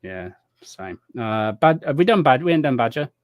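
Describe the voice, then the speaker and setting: A middle-aged man co-hosting a casual chat, asking questions in a relaxed, friendly way with many ums. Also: medium pitch, normal speed, no echo. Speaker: co-host.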